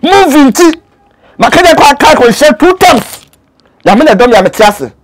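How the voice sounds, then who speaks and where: A man's voice: very high voice, very animated, normal speed. A Ghanaian man, a native Twi speaker who works as an actor, talking in an earnest, pleading way and switching between languages. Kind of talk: casual interview talk.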